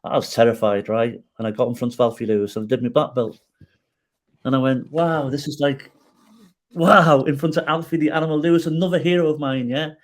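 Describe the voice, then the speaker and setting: A man's voice: medium pitch, fast. Middle-aged man telling his life story. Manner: animated, frequent restarts, self-deprecating jokes; gets emotional telling the story. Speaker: guest. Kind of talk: personal storytelling in a podcast interview.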